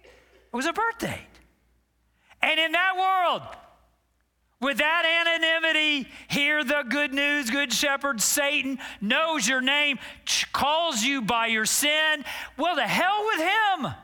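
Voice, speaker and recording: A man in his sixties delivers a sermon from the pulpit. His voice sits high and very bright, and he swings between emphatic, ringing declarations and soft, near-whispered moments. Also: slow. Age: 60s. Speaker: pastor.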